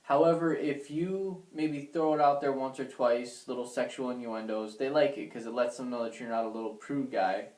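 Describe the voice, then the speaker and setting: Measured young man in an echoey room. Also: medium pitch, steady tone, darkish tone. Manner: measured, with many ums and uhs. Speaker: dating advice vlogger. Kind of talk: casual advice talk.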